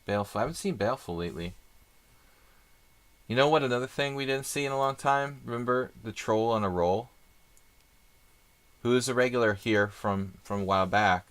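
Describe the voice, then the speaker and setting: A man's voice: mid-range voice, fairly quick, pauses often, a bit bright. A man doing live chess stream commentary, chatty and thinking aloud with rambling asides.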